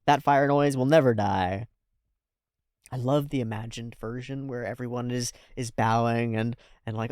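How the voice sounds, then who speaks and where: A man hosting a casual anime reaction, thinking aloud with fillers, laughing often and breaking into loud, high-pitched exclamations. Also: fairly even intonation, normal speed, no echo, studio quality.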